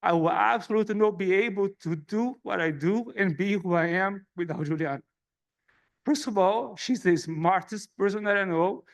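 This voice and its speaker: A man's voice: high voice, normal speed, vocal fry. A middle-aged man from Brazil with a Brazilian Portuguese accent, giving an earnest, self-deprecating presidential speech at a conference. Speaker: society president giving an address. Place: conference hall.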